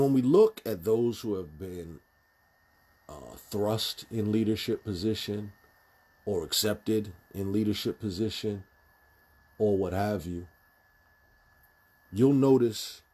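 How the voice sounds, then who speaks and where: Deep-voiced, husky man speaking bluntly. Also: slow pace, pauses often, warm tone. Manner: emphatic, many fillers and restarts, speaks bluntly. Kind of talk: casual monologue commentary.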